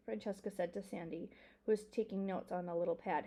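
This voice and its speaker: A woman teacher reads a children's novel aloud to young pupils. Her delivery is expressive, and at times she drops to a whisper. Her voice sits at a middle pitch. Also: moderate pace.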